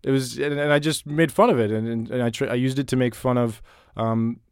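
A man's voice: medium pitch, fairly even intonation, brisk, darkish tone, clear, resonant tone, no room sound, studio quality. A man being interviewed about his writing, talking casually and thoughtfully, often restarting and repeating words. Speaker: interviewee, writer.

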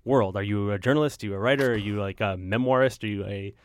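A man's voice: fairly low pitch, fast talker, clean tone, dry recording, studio quality. A man interviewing a writer, firing off casual questions full of fillers like "like". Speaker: interviewer, host.

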